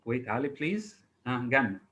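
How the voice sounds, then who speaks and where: A man's voice: medium pitch, sing-song, moderate pace, fairly bright tone, rough recording. A man teaching English over a video call. He is patient, spells words out letter by letter and hesitates often. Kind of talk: online class drilling exam word formation.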